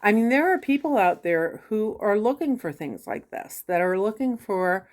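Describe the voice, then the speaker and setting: A woman's voice: medium pitch, big pitch swings, normal speed. A woman vlogging casually from her home about reselling, rambling with lots of fillers and restarts. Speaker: vlogger sharing reselling tips. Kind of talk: casual chat to camera.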